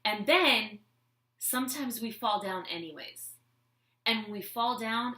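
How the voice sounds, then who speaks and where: Bright, expressive woman telling a story. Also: a little high, measured pace. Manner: animated and expressive, acting out scenes. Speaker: vlogger telling a personal story. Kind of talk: comic storytelling with a life lesson. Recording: echoey room.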